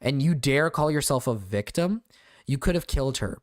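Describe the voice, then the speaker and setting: A male streamer reacting live, talking fast and loose, stumbling over his own words and swearing as he goes. His voice sits in a middle register, recorded close and dry with no room sound around it. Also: mid-range voice, dry recording. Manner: excitable, stammering, swears often.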